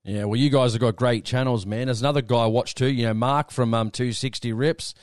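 A man's voice: medium pitch, fairly even intonation, a little fast, dry recording, clean studio sound. An Australian man hosting a podcast interview, friendly and matey in a casual chat. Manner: friendly, matey, says "mate" often. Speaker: podcast host.

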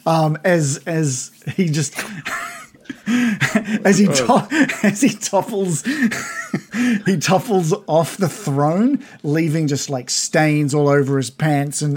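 A man's voice: fairly high pitch, slightly rough. A man running a tabletop game as game master, narrating in a rambling, giggly way with many fillers.

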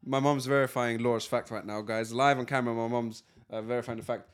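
A man's voice: mid-range voice, steady tone, fast talker, smooth. Joking young man on a podcast. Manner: joking, teasing, slangy. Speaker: podcast co-host. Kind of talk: casual chat.

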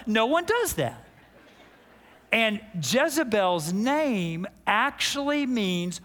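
Male pastor, sermon, bright and lively delivery, acts out the story, long hall reverb. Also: high voice. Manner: animated storytelling, acts out quotes, quick restarts.

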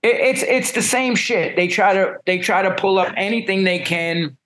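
A middle-aged man, telling stories as a musician guest in a blunt, profane and animated way. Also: high voice, normal speed. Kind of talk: casual storytelling.

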